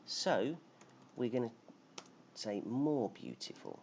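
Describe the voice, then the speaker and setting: A man's voice: medium pitch, huge pitch swings, takes it slowly, vocal fry, a little mellow. A man teaching English grammar on a live stream, explaining patiently and reading out names from the chat. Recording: dull lo-fi stream audio with faint noise.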